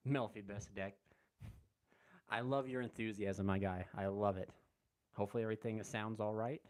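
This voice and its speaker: A man hosting a casual live stream, greeting chat viewers by name and rambling in a relaxed way from a room at home. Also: on the low side, moderate pace. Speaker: livestream host. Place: room at home with window open.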